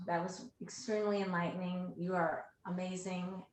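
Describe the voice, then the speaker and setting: A woman moderating a virtual event speaks over a video call, with a fairly low voice. Her words of thanks and praise to her guest are warm and effusive. The sound is roomy and echoey, with a faint hum of background noise. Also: little pitch movement, normal speed. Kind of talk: hosting a virtual event interview.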